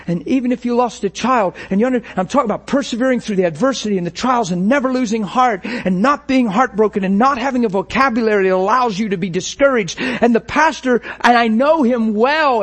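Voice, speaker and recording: High-voiced man preaching with passion. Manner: impassioned, storytelling, acts out inner thoughts; conversational preaching with laughs. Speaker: pastor. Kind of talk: sermon.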